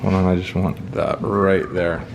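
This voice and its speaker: A man's voice: low-pitched, flat delivery, measured pace, vocal fry, slight background noise. A man, talking casually and emphatically to viewers while cooking at home. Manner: emphatic, folksy, talks straight to viewers. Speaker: fishing channel host cooking for a guest. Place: home kitchen, indoors. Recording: echoey kitchen. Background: food sizzling in a pan.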